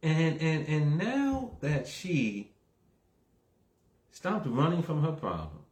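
A man preaching a conversational sermon that starts low and calm and builds into emphatic, raised exhortation. He repeats himself and keeps checking with the listeners. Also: slow pace, roomy sound. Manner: repeats words, asks the audience "right?".

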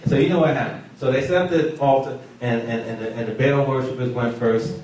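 A man preaching a sermon with animated call-and-response, often laughing as he tells the story. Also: mid-range voice, fairly quick. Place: church. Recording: echoey room from far off.

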